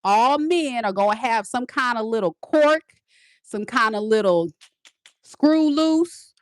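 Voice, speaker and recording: A woman, a teacher and tarot reader, casually telling her viewers a story in an animated, emphatic way, repeating lines for effect. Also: a little high, normal speed. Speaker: tarot reader and spiritual advisor.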